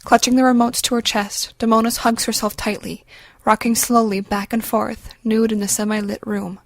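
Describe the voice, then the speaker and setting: Lady reading an audiobook, bit high voice, dry close studio sound, steady pace. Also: no room sound. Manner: measured, even storytelling. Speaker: audiobook narrator. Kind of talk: scripted audiobook narration.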